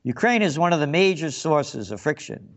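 A man's voice: fairly high pitch, big pitch swings, moderate pace. A man hosting a talk radio show, delivering a sarcastic, facetious monologue with a frog in his throat.

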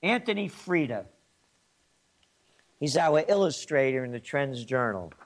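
A man's voice: medium pitch, sing-song, unhurried. Combative, sarcastic New man. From New York. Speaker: commentator and host. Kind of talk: ranting political monologue.

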